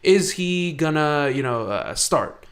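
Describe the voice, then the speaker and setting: A man co-hosting a sports podcast, talking excitably in casual chat, often restarting and swearing. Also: a little high, takes it slowly. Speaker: podcast co-host.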